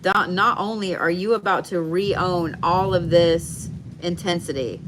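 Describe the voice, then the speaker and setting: A woman giving a live tarot card reading from home, speaking slowly and soothingly and repeating her reassurances. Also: lowish voice, noisy background. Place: home, indoors.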